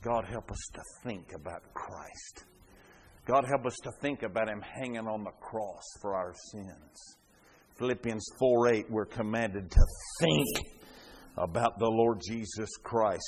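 Man, pastor, sermon, very slow deliberate delivery, loud fervent peaks, quiet drops. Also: lowish voice, slight background noise.

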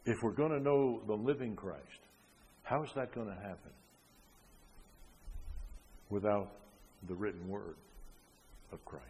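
An older man preaching a sermon, emphatic, with frequent rhetorical questions, rising loud and then dropping soft. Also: lowish voice, a little slow, long pauses, slight background noise. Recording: long hall reverb.

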